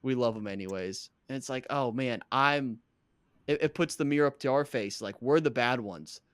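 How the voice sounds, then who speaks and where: A man's voice: medium pitch, moderate pace, a bit bright, no echo. A man co-hosting a podcast, recapping a reality dating show in casual, joking chat and laughing often. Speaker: podcast co-host.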